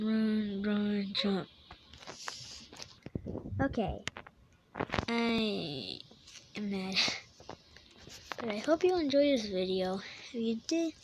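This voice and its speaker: A young woman giving excitable gameplay commentary, gasping and exclaiming at what happens in the game. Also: mid-range voice, slight background noise, low-quality recording. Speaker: gaming YouTuber.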